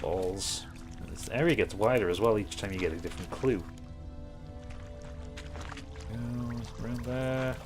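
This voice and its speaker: A gaming YouTuber offers casual, rambling, self-mocking let's-play commentary while playing a video game, with game music underneath. His voice sits low, and he speaks briskly.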